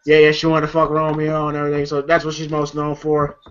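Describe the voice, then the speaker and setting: High-voiced man rambling through a movie recap. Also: monotone, quick pace, a bit bright, clean tone, muffled recording. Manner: rambling, laughing, swears freely. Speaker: movie reviewer.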